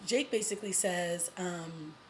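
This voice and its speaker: A woman vlogger recapping a TV episode in a casual, excited way, with lots of "you know" and little laughs. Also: fairly low pitch, measured pace, a little hiss or hum, low-quality recording. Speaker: TV review vlogger.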